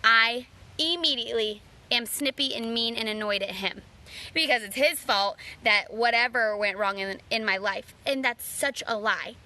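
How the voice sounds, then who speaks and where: A woman in her thirties, a mom vlogger, delivers an earnest motivational talk and challenges listeners with direct questions. Her voice sits on the high side, with a sharp tone and a moderate pace.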